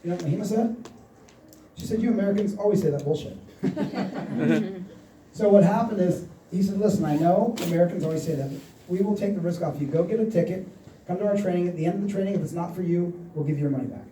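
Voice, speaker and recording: A man's voice: sits high, fast talker, warm tone, slight background noise. A man in his forties giving a motivational seminar talk, telling stories and acting out the quoted dialogue. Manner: storytelling, acts out quoted dialogue. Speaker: seminar speaker. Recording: echoey hall, mic at a distance.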